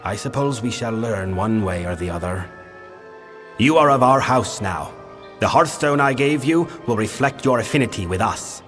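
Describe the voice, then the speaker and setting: A man's voice: on the low side, animated, moderate pace, fairly bright tone. An actor playing a weary ancient winter fae king in a video game, speaking in a grave, formal, commanding way. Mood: solemn. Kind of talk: video game character dialogue. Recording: long reverb with game music.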